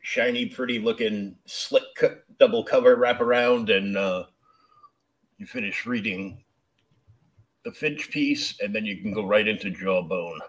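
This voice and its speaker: Male podcast host, lowish bright voice, supportive, recaps what the guest says. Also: unhurried. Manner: supportive, sums up the guest's points. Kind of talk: casual podcast chat.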